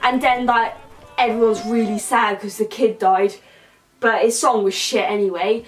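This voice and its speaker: Faint music sits behind a distant mic as a woman recaps a film as a comedy character reviewer. Her voice is steady, on the high side and at normal speed, and her rambling take is crude, slangy and full of silly voices.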